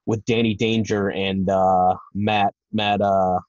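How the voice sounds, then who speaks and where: A man's voice: fairly low pitch, little pitch movement, slow pace, crowd noise. A man hosting a podcast interview, asking questions and thinking aloud in a rambling way. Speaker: podcast host and wrestling promoter. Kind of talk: casual interview. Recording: dull, dry lo-fi sound.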